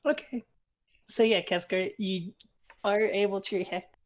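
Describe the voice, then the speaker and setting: A woman narrating as game master in a relaxed, casual way. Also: mid-range voice, unhurried, slight background noise.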